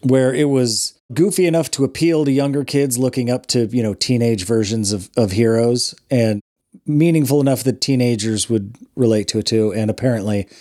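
A man's voice: mid-range voice, moderate pace, warm tone. A man in his thirties with a mid-range voice, chatting casually on a podcast. He sounds thoughtful and agreeable, weighing his points as he goes. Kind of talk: casual chat.

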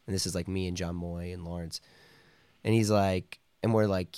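A man's voice: deep voice, fairly even intonation, normal speed, a little mellow, no echo. A man speaking as a podcast guest, telling a loose, rambling story full of "like" and "you know", now and then acting out other people's lines, with a cough here and there. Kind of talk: casual storytelling.

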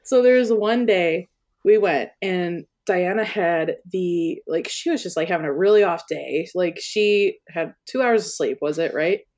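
A woman's voice: on the low side, a little slow, a little mellow. A young woman on a podcast, telling a funny story in casual chat and laughing often. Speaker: podcast guest.

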